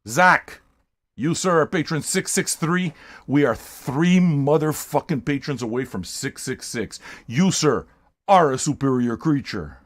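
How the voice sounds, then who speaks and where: Loud, profane older male stream host. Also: on the high side, expressive, unhurried. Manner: loud, profane, hyped-up, shouting at times. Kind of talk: livestream chat with viewers.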